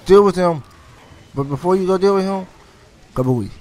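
A man giving casual gameplay commentary, excitable, swearing often and taunting enemies as he plays. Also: high-pitched, moderate pace.

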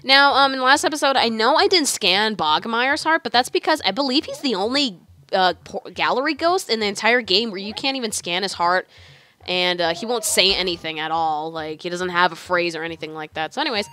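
Bright, excitable young woman gaming. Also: mid-range voice, a little fast. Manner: excitable, swears a lot, bursts of frustration. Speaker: let's play host. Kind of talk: gameplay commentary.

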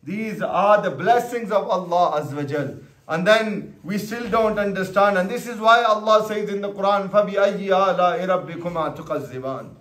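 A man's voice: high voice, moderate pace, fairly bright tone. A man preaching a sermon, asking the audience questions and calling on listeners by name. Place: religious gathering hall. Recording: echoey hall.

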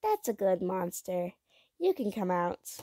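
A woman reading aloud voices a curious, bookish young girl, speaking softly and coaxingly in a raised voice. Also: big pitch swings, a little slow, no room sound, studio quality. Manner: soft, coaxing, higher voice.

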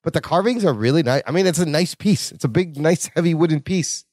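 A man's voice: a little high, fast, a little mellow, no echo, studio quality. A man co-hosting a podcast, joking around as he recaps a sitcom episode. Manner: joking, laughs often. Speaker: podcast co-host.

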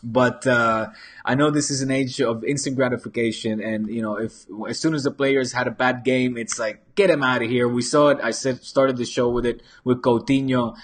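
Husky man chatting on a football stream. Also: mid-range voice, fairly even intonation, normal speed. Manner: casual, rambling, many restarts and fillers, slips into Spanish phrases. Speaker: football channel host. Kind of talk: live-stream football chat reading viewer comments. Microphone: desk microphone.

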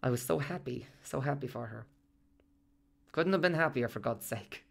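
A man's voice: mid-range voice, normal speed, gravelly. A man narrating a radio drama monologue as its main character, reflective and self-reproaching.

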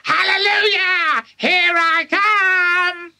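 A man's voice: very high-pitched, fairly even intonation, very slow, pushed and bright, pitched above the performer's own voice, exaggerated voice. A man reading an audiobook, voicing a wild, greedy old grandmother who screeches and shrieks her lines. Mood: giddy shrieking. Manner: shrieking, giddy, demanding.

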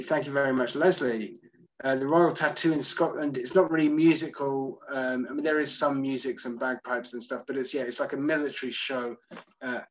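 A man's voice: mid-range voice, muffled recording, slight background noise. A man hosting a virtual tour, chatting through audience comments one by one and owning up when he is unsure. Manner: chatty, self-deprecating, answers comments one by one. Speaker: tour guide. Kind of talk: live Q&A reading audience comments.

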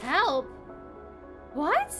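A woman streamer giving excitable, gasping commentary as she plays a game live and chats to her viewers. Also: high-pitched, drawn-out words. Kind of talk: live let's play commentary. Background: game music.

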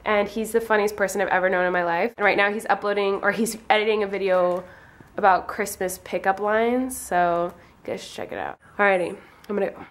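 A woman's voice: medium pitch, fairly even intonation, fairly quick, slight background noise. Chatty woman vlogging late at night. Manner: chatty, bubbly, many "like" fillers. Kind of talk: casual chat to camera. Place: indoors at home, late at night.

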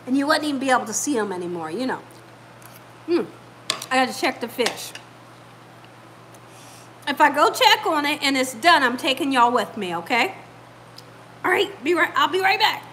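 Her high, animated voice is bright and forceful, moving at a moderate pace with long pauses as she hosts a home cooking video in her kitchen. She chats to viewers like a storyteller, recorded in low quality with a little hiss or hum.

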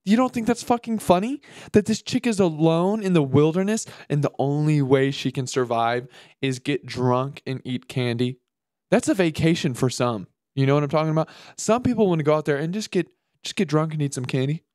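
A man's voice: a little high, a little fast, no room sound, clean studio sound. A man hosting his own podcast, ranting casually and crudely, mocking things and putting on silly voices. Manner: profane, animated, mocking, puts on silly voices. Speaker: podcast host. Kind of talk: casual solo comedic rant.

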